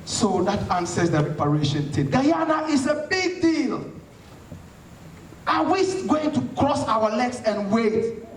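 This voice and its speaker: A man's voice: very high voice, very animated, measured pace, slight background noise. A man from Ghana giving an impassioned, rhetorical talk to an audience in a hall, answering questions. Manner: fiery, rhetorical, preaching tone. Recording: echoey hall from far off.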